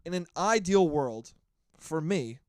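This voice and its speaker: In his twenties, this man hosts a solo podcast, delivering an animated, profane, rambling rant in a casual monologue. His voice sits a little high and moves slowly, recorded at studio quality with no room sound.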